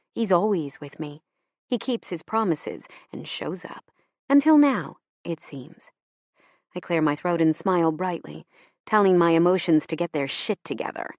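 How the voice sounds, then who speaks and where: A woman reads a first-person romance audiobook in an intimate, reflective way. Her voice sits on the low side. The recording is close and dry, with no room sound. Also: dry recording. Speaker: audiobook narrator.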